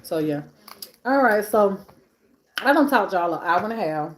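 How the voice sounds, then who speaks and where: A woman's voice: mid-range voice, animated, normal speed. Woman, live-stream host, casual chat, eating while talking, emphatic repetition, echoey room. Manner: chatty and emphatic, stacks repeated phrases; talks between bites while eating. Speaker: vlogger hosting a live stream.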